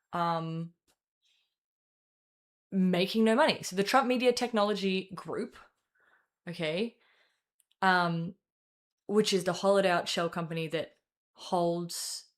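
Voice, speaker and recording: A woman hosting a casual livestream news commentary, chatty and jokey, talking to her chat. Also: medium pitch.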